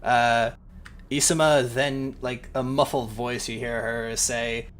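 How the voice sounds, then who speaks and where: A man running a tabletop game, narrating scenes casually. He rambles a little and drops fillers as he goes. His voice sits at an average pitch. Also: fairly even intonation, takes it slowly, fairly bright tone, a little hiss or hum. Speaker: game master.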